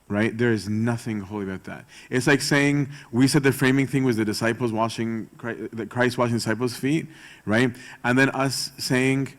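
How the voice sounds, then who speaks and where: A male priest teaches church servants in a relaxed, conversational way, his voice sitting at an ordinary middle pitch. He keeps checking in with his listeners and slips into playful voices when he mimics gossip. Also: normal speed. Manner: casual, keeps asking "right?" and acts out gossip in quoted voices.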